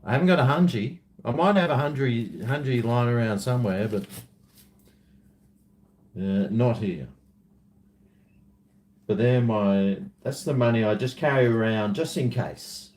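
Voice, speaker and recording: An Australian man talks to his camera in an easy, unhurried drawl, taking his time over every thought. He rambles from one aside to the next and pokes fun at himself along the way. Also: medium pitch, a little mellow. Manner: rambling, self-mocking, drifts between asides. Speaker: vlogger. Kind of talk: casual chat to camera.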